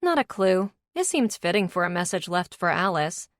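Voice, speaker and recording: A woman's voice: on the low side, big pitch swings, moderate pace, no room sound, studio quality. A woman narrator voicing a chatty, bossy young woman among friends in an audiobook.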